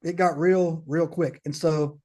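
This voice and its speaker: Slangy storytelling man, fairly high voice. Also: measured pace. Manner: slangy, peppers talk with "man", "bro", "right?"; animated, acts out others' dialogue. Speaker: podcast guest. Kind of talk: casual storytelling.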